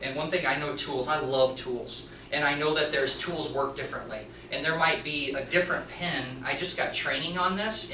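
A mechanics teacher giving an animated storytelling talk to an audience, acting out the other people in the story. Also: mid-range voice, a little hiss or hum. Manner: animated, acts out the dialogue of others. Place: presentation room before an audience. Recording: echoey room, voice from a distance.

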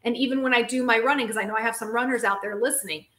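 A woman hosting a casual live-stream Q&A as a physical therapist, chatty and lively, talking straight to her viewers. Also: fairly high pitch, very fast, reverberant. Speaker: physical therapist and show host.

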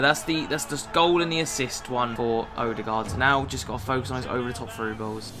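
A man giving live gameplay commentary. He swings from low muttering to excited shouting and swears often. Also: a little fast, few pauses. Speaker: gaming YouTuber. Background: music.

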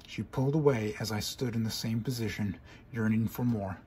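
A man's voice: on the low side, fairly even intonation, moderate pace, darkish tone, slight background noise. A man reading a first-person fan story aloud in an earnest, dramatic way. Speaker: story reader.

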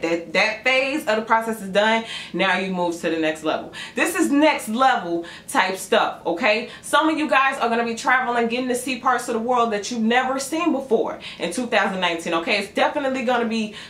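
A woman doing a casual tarot reading for her channel, chatty and animated as she tells a story. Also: a little high, a little fast, hardly any pauses. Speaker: tarot reader. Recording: echoey room with faint noise.

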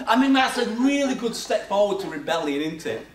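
A man's voice: sits high, big pitch swings, a little fast. An older man preaching a sermon, telling chatty stories about his own life with self-mocking laughs. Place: church hall. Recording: echoey church sound from far off.

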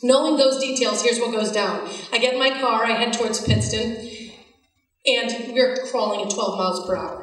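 A woman telling a personal story to a live audience in a chatty, animated way with wry asides. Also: fairly high pitch, moderate pace. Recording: echoey hall, voice from a distance.

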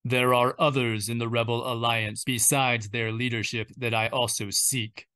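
A man voicing an angry armored dark lord, grinding out his words slowly with a rumble. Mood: reluctant. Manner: slow, ground-out, rumbling delivery.

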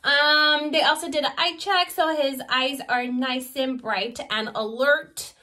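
A woman talking casually to her followers in a pet vlog, rambling with ums and likes. Her voice sits high and sounds bright and lively. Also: measured pace. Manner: chatty, with many fillers. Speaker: vlogger.

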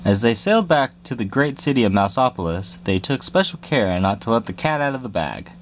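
A man reading a children's picture book aloud in a lively storytelling manner, jumping high for squeaky cries. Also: a little fast, slight background noise. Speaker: reader.

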